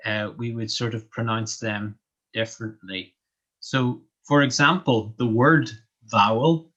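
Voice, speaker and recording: A man from Northern Ireland with a Northern Irish accent, a guest in a live online interview, explaining things slowly and carefully with many pauses and ums. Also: mid-range voice, sharp tone, dull audio.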